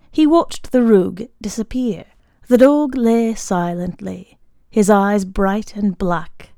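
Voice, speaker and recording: A woman narrating a short story aloud in a calm, measured way. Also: mid-range voice, dry recording, studio quality. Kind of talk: audiobook reading of a short story.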